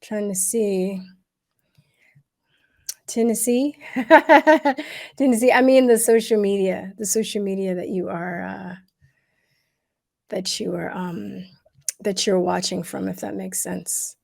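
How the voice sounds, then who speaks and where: A woman hosting a casual livestream, talking to viewers with many pauses, fillers and restarts, and growing emotional at times. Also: mid-range voice, steady tone, gravelly, warm tone. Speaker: livestream host.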